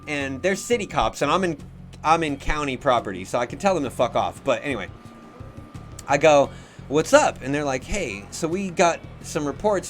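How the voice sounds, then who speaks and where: A young man with a fairly high voice tells a rambling story, swearing constantly and veering off on tangents. He breaks into loud, animated outbursts when he quotes himself. Faint music plays behind him. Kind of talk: casual storytelling.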